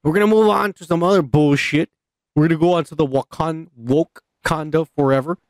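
A man's voice: fairly high pitch, fairly quick, no echo, clean studio sound. A man with a Mexican accent, ranting in profane, emphatic casual podcast chat. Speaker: podcast co-host.

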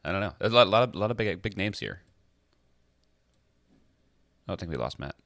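A man's voice: sits low, animated, brisk, fairly bright tone, no room sound. A man co-hosting a TV podcast, chatting casually, self-mocking and jokey. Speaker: podcast co-host. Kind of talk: casual chat.

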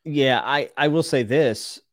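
A man co-hosting a casual book discussion podcast, giving blunt, animated opinions. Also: medium pitch, a little slow, no room sound, clean studio sound. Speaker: podcast co-host.

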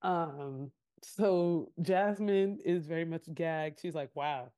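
Her tone is clean and her pitch low as this woman slowly recaps a reality show while co-hosting a podcast. Laughing frequently, she brings the story to life by performing the quotes.

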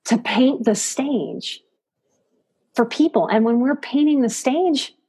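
A woman's voice: high-pitched, expressive, takes it slowly, mellow, slightly rough. A woman psychotherapist and life coach, a guest on a podcast, speaking expressively and emphatically and repeating words for stress. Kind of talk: conversational interview. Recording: podcast audio.

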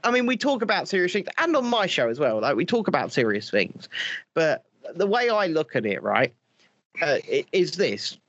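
High-voiced man, sweary host. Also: very animated, normal speed, fairly bright tone, dull audio. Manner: profane, mocking, rambling with restarts. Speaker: show host. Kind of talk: casual comedic podcast chat.

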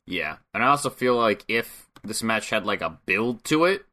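A man's voice: fairly low pitch, big pitch swings, normal speed, bright, forceful tone. A man co-hosting a casual podcast, laid-back and wry, recapping with plenty of filler words. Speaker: podcast co-host.

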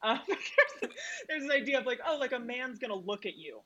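A woman co-hosting a podcast in casual film talk, chatty and quick to laugh, swearing freely. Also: on the high side, sing-song, bright, forceful tone, muffled recording. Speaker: podcast co-host.

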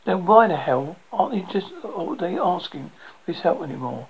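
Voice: medium pitch, lively intonation, moderate pace, slight background noise, voice pushed up, lightly acted, low-quality recording. A storyteller voicing a blunt, pessimistic man who barks grim warnings. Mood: bitter. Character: bitter, pessimistic man, quick to snap.

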